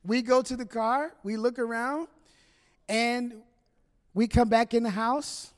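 A man's voice: very high-pitched, fairly even intonation, slow. A man preaching a humorous sermon as pastor, joking and chatting directly with his congregation. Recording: long reverb of a large hall.

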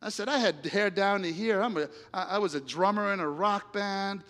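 A man preaching, telling a personal story with lively acted-out dialogue and big swings between loud and hushed lines. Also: high voice, moderate pace. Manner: animated storyteller acting out dialogue, dramatic volume swings. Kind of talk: sermon storytelling. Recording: reverberant hall.

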